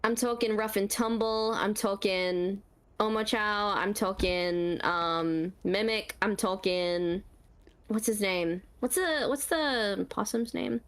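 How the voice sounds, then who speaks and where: A woman's voice: medium pitch, takes it slowly. Bubbly Australian woman, voice actor guest at a convention Q&A, laughs easily and repeats lines for emphasis. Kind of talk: convention panel Q&A.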